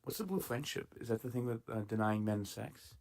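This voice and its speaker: A man's voice: medium pitch, animated, fairly quick, darkish tone, slight background noise. A man giving casual, sarcastic, profane commentary while reacting to clips. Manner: sarcastic, swearing, laughing asides.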